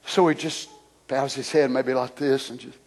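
A man preaching a sermon, swinging from shouts to whispers. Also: medium pitch, fairly even intonation, normal speed.

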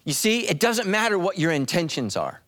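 Animated preacher man, high lively voice. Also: moderate pace. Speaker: pastor. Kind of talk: sermon.

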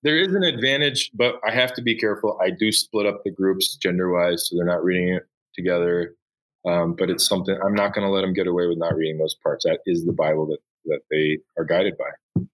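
A middle-aged man with a fairly low voice, speaking as a high school teacher in a conversational interview. He tells classroom stories with plenty of energy and often slips into voices for his students. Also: fairly even intonation, a little fast, a bit bright, rough recording. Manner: enthusiastic storyteller, acts out voices.

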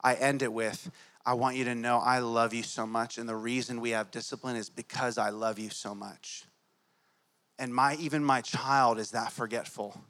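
A man's voice: mid-range voice, fairly even intonation, moderate pace, fairly bright tone. A man, likely a father in his thirties, preaching a conversational sermon to his congregation and weaving in stories about his young children. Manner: conversational, tells family stories. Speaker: pastor.

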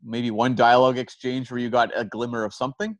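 A man co-hosting a podcast, explaining in measured casual chat. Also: mid-range voice, little pitch movement, no room sound. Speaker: podcast co-host.

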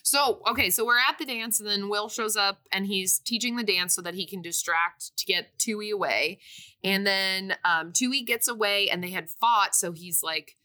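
A woman co-hosting a podcast, casually recapping a movie's plot with lively quoted lines. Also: medium pitch, normal speed. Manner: animated retelling with quoted voices. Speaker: podcast co-host.

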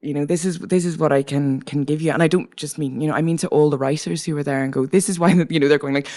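A woman's voice: sits low, fast talker, few pauses. Northern Irish woman telling a story. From Northern Ireland. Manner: animated, laughing, full of restarts and asides. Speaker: guest poet. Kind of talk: casual interview storytelling.

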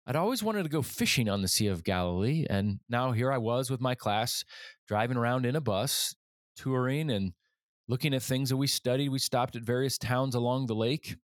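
Male podcast host, 40s, earnest storyteller, middle pitch, dry booth sound. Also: normal speed, no room sound. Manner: earnest, animated when quoting others. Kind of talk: storytelling monologue.

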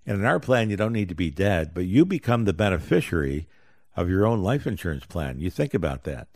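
A middle-aged man hosts a live radio show on personal finance. His voice sits very low, and he talks in a folksy, upbeat salesman's patter. The studio sound is dry and close. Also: very animated, a little fast, darkish tone, no room sound.

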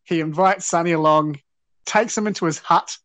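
A man's voice: a little high, normal speed, fairly bright tone, dry recording. Wry man recapping. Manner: earnest, wry, recounting plot. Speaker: podcast host. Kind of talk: casual episode recap.

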